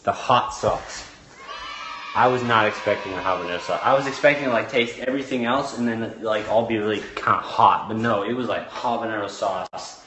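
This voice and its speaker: A young man talks straight to his camera out in the woods, joking and complaining with plenty of drama. His voice sits a little low. Steady outdoor noise hums behind him. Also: fairly quick. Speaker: vlogger. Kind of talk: casual vlog commentary.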